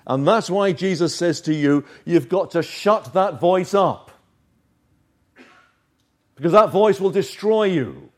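A male preacher with a slightly raised pitch delivers a sermon earnestly. He builds emphasis with pauses, drops to a hush, then swells again. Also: animated. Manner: earnest, emphatic, with dramatic pauses and shifts of volume.

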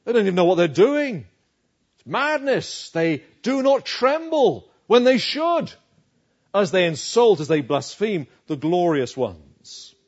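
A male preacher giving an emphatic sermon, swinging from loud declarations to hushed asides. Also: high voice, big pitch swings, unhurried, highs cut off.

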